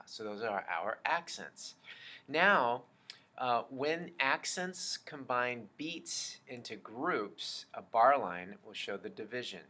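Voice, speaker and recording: A man teaching a children's music lesson, explaining slowly and patiently and chanting rhythm syllables. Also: medium pitch, lively intonation, bright, forceful tone.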